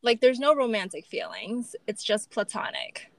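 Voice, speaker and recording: A woman's voice: a little high, moderate pace, dry recording. A woman co-hosting a casual chat, thinking aloud and guessing at meanings. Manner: relaxed, thinks aloud with fillers. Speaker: podcast co-host.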